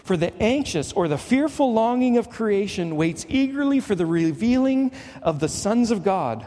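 Middle-aged Canadian-raised male pastor, earnest sermon delivery, slightly high voice, long reverb of a church hall. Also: big pitch swings, moderate pace. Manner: earnest preaching, rising to emphatic highs and dropping to hushed lows.

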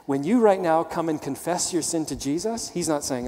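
A man's voice: fairly high pitch, animated, normal speed, a little mellow. Emphatic preacher man, long hall echo. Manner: emphatic, teaching with rhetorical questions. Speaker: pastor. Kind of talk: sermon.

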